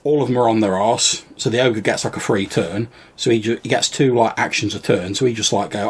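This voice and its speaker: Male podcast co-host, low gravelly husky voice, rambling casual recap of a game night. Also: steady tone, a little fast, few pauses. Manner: rambling, many fillers and restarts. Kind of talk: casual storytelling chat.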